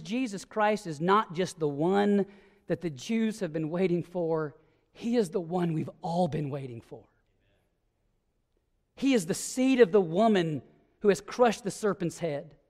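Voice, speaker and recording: A man's voice: high voice, animated, measured pace. A man preaching a sermon as pastor, telling the story vividly and building to emphatic declarations. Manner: vivid storytelling, acting out scenes; emphatic, rising to ringing declarations. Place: church sanctuary. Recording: long reverb of a church sanctuary.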